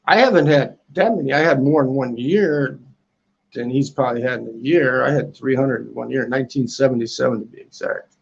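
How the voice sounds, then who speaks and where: Out on a balcony, a U.S. man in his sixties hosts a casual livestream, talking crudely and adding "man" to what he says. He speaks fairly quickly at a medium pitch, his voice creaky and breathy, and the recording has its highs cut off.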